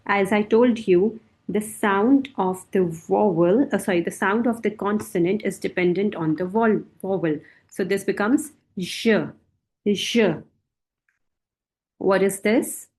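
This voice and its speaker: A woman teaching a beginner French lesson, speaking slowly and patiently and repeating each word for her students to drill. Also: mid-range voice, darkish tone.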